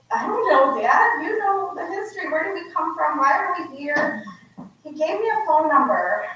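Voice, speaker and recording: A woman's voice: sits high, far from the mic, slight background noise. A woman author giving an unplanned, heartfelt personal story to a live audience in an echoey room. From United States. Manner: earnest, heartfelt, animated. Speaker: author and guest speaker. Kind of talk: unprepared personal storytelling talk.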